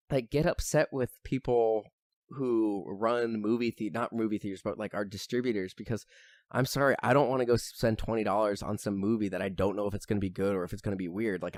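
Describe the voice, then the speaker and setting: Casual, rambling man with a low voice. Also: darkish tone, dry recording. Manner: rambling, full of fillers and swearing, gets worked up. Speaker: podcast host. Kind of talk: casual chat.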